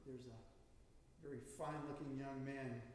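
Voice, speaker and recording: A man preaching a sermon, stressing key words and drawing them out slowly. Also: medium pitch, fairly even intonation, a little mellow, a little hiss or hum. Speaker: pastor. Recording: echoey hall, mic at a distance.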